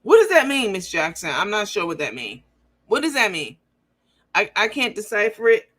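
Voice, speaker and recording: A woman's voice: mid-range voice, very animated, normal speed, fairly bright tone. A woman hosting a livestream, reading viewer comments aloud and talking bluntly and profanely in a mocking, emphatic way.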